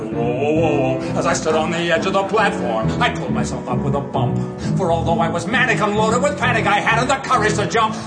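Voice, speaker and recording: A man's voice: fairly high pitch, roomy sound, close to an everyday voice. A man playing a desperate married man in a musical, anxious and pleading, who also sings. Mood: desperate singing. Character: desperate married man fleeing his life. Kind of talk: musical theatre acting and singing.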